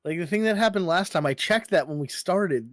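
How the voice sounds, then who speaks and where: A man's voice: sits high, expressive, dry recording. Exasperated swearing man on a call. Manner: exasperated, swearing, fast bursts. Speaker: co-streamer on a call. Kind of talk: casual live-stream chat.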